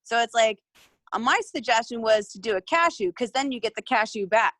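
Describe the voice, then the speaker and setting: A woman's voice: a little high, lively intonation, fairly quick, a bit bright, no room sound. A woman chatting on a video call, asking questions in a curious, amused way. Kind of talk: casual chat on a video call.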